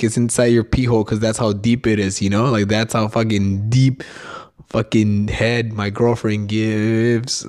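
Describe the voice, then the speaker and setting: A young adult man hosting a solo comedy podcast, rambling and swearing, leaping into mocking high notes as he riffs. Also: darkish tone. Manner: profane, rambling, jumps between topics; mocking sing-song jumps up in pitch. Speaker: podcast host.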